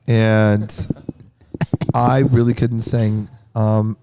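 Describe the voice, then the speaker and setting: A man's voice: fairly low pitch, level tone, very slow, warm tone. A man in a band, chatting loosely and joking after a show while recovering from a cold. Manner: joking, rambling. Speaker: band member. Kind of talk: casual backstage chat.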